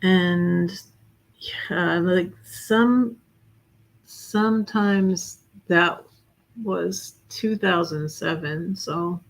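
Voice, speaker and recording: A woman hosting a livestream, reading her own poems in a hesitant way with many pauses and fillers. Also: lowish voice, steady tone, creaky. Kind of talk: casual poetry reading on a livestream.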